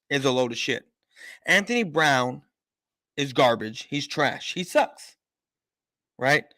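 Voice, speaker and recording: A man's voice: a little high, bright, forceful tone, no echo. A man hosting a live-stream sports show, ranting emphatically and repeating himself for effect. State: out of breath. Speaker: sports talk host.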